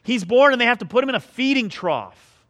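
A man's voice: very high voice, lively intonation, a little fast, fairly bright tone. A middle-aged male pastor preaching a sermon, telling a self-mocking personal story in a conversational way.

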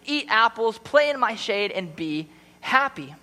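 A man reading the part of a gentle, generous female apple tree from a storybook, in a tender voice. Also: high voice, sing-song, unhurried, voice pushed up, full character voice, low-quality recording.

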